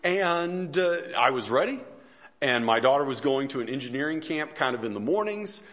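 A man's voice: mid-range voice, lively intonation, normal speed, a bit bright. A man in his forties, a pastor preaching a sermon in a conversational, storytelling way, with self-deprecating humor and easy chuckles. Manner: frequent fillers and restarts, chuckles between lines.

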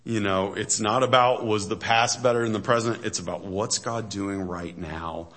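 Bright-voiced joking male pastor. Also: fairly low pitch, steady tone, normal speed. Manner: chatty, joking asides, many fillers and restarts. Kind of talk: casual humorous sermon.

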